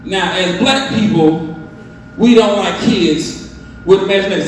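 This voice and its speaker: Young man, Southern US accent, stand-up comic, high voice, distant mic in a very echoey room. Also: measured pace, background noise. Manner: loose, animated storytelling with crowd questions. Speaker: stand-up comedian. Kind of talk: stand-up set. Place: live comedy venue with audience.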